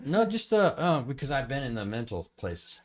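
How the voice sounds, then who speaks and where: A man on a podcast telling a story in casual chat, rambling and halting with many fillers and restarts. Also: mid-range voice, sing-song. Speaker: podcast host.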